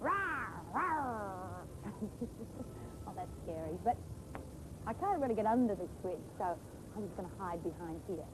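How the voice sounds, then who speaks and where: A woman presenting children's TV outdoors by a pond, gentle and expressive. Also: fairly low pitch, moderate pace, long pauses, noisy background. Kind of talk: children's TV songs and storytelling.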